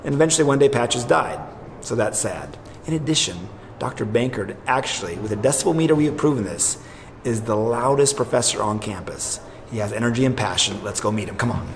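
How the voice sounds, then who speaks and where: A man's voice: medium pitch, lively intonation, fairly quick, slight background noise. A man hosting a comedic campus introduction video, narrating in a playful mock-serious way. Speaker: host.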